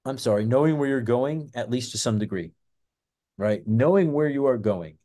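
Brief: easygoing male host, loose and profane, a warm, relaxed voice. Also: medium pitch, normal speed. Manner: rambling, profane, filler-heavy. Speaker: self-defense channel host. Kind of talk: casual monologue.

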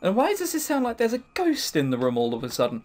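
A man's voice: sits high, huge pitch swings, quick pace, darkish tone, soft background music. Sarcastic man commenting on a game. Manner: sarcastic, mocking asides. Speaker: visual novel let's-player. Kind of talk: reading aloud and commenting on a visual novel.

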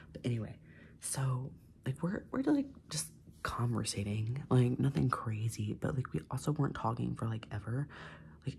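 This twenty-something male ASMR creator does his makeup while whispering a talkative vent full of cursing and "like," almost entirely unvoiced. The voice is mid-range and creaky, with a little hiss or hum in the background.

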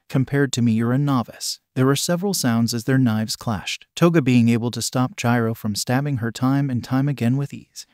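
A man narrating a fan story with steady, even reading and little emotion. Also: medium pitch, dry recording, studio quality.

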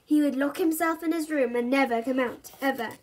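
High-pitched lady reading a kids' book out loud, lively. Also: brisk. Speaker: story reader. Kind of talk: reading a children's book aloud.

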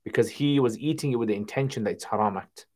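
A man hosting a casual livestream Q&A, reading viewer questions aloud and answering them in a relaxed conversational way. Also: medium pitch, fast talker. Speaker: Islamic Q&A livestream host.

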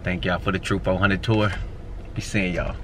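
A man's voice: low-pitched, steady tone, normal speed, slight background noise. Laid-back man vlogging from a car. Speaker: vlog co-host, driver. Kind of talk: casual vlog chat. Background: music playing.

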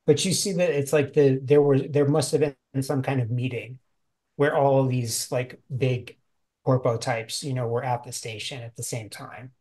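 A man narrating as game master of a tabletop game, halting and full of fillers and restarts. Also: mid-range voice, steady tone, mellow.

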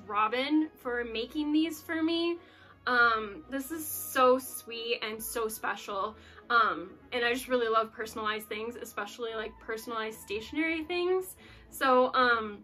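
A woman chats through an unboxing for her channel in a slow, relaxed pace and a slightly raised, bright voice. She gushes with exclamations and sounds moved almost to tears. Soft music plays faintly behind her. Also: high-pitched. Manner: gushing and effusive, many exclamations; soft-spoken and touched, near tears. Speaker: YouTube channel host. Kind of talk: casual unboxing chat.

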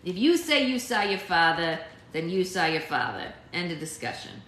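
A woman's voice: fairly low pitch, big pitch swings, moderate pace, fairly bright tone, echoey room, a little hiss or hum. A woman reading aloud, voicing a wry, worldly old woman who talks in a drawling, salty way. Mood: firm.

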